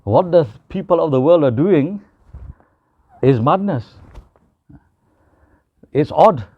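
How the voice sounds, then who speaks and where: A man's voice: on the high side, lively intonation, slow pace, dry recording. A man giving an informal religious talk to a group, telling stories and acting out the people in them, slipping into Gujarati and Urdu phrases. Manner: storytelling with acted quotes, mixing English with Gujarati and Urdu phrases. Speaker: Islamic preacher. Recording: dull, muffled, dry recording.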